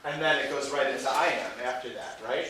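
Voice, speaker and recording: A man's voice: mid-range voice, fairly quick, crowd noise. A man teaching a Shakespeare workshop in a playful way, often checking in with 'right?'. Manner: playful, ends phrases with 'right?'. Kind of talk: classroom teaching. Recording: echoey room, voice from far off.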